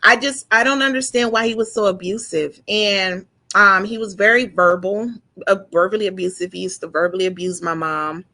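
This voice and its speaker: A woman in her forties telling a painful personal story, halting and emotional, with frequent restarts and repeated words. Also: medium pitch, steady tone, bright, forceful tone. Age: 40s. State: emotional, close to tears. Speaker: guest sharing her story.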